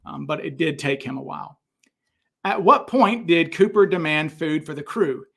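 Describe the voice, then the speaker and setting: Gravelly man telling stories in a Q&A. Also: fairly high pitch, moderate pace. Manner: storytelling, animated, many fillers and restarts. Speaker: host answering viewer questions. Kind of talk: casual livestream Q&A.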